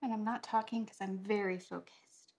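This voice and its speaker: A woman's voice: mid-range voice, fairly even intonation, normal speed, a little mellow, slightly rough. A woman, teaching a watercolor painting tutorial in her home studio and chatting casually as she works. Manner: chatty, easily distracted while painting. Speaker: watercolor instructor.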